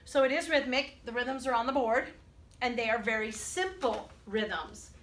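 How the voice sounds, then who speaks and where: A woman's voice: fairly high pitch, moderate pace, a bit bright, slight background noise. A middle-aged woman music teacher, chatty, explaining a rhythm game to students step by step. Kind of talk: recorded music lesson for students. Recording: echoey room, mic at a distance.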